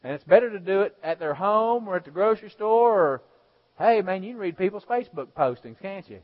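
A male pastor preaching a sermon, swinging between loud exhortation and hushed storytelling. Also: high-pitched, lively intonation, a little fast. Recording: dull lo-fi sound.

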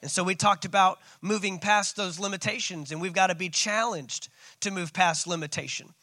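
A man's voice: high-pitched, moderate pace, pushed and bright, dry recording. A man preaching a sermon as pastor, calling out to his congregation. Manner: preaching with call-outs.

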